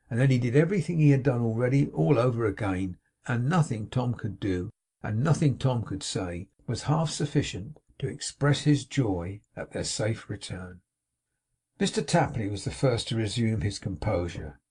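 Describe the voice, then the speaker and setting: A man with a husky, slightly breathy voice narrates a classic novel at a steady mid pitch. He lifts his voice brightly when characters grow excited, then settles back into even storytelling. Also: normal speed. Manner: reads dialogue with lively raised pitch for excited characters. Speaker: audiobook narrator.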